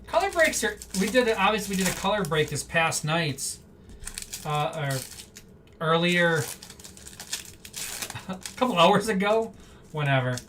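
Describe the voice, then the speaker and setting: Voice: mid-range voice, big pitch swings, unhurried, long pauses, fairly bright tone. Card-break host, casual rambling live chatter, slightly distant mic, faint background hum. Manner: rambling, off-the-cuff, chatty asides. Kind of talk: casual live-stream chatter while opening packs.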